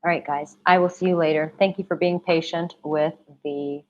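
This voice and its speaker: Woman, young adult, dating coach, live Q&A, affectionate, repetitive emphasis, hoarse, muffled stream sound. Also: sits low, steady tone, normal speed, slight background noise. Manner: affectionate, calls viewers babe; emphatic, repeats herself. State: losing her voice. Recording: dull lo-fi livestream audio.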